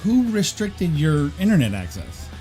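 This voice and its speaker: A man's voice: fairly high pitch, a little slow, faint music behind. A man co-hosting a casual livestream chat, teasing and firing off questions. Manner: lively, teasing, asks questions.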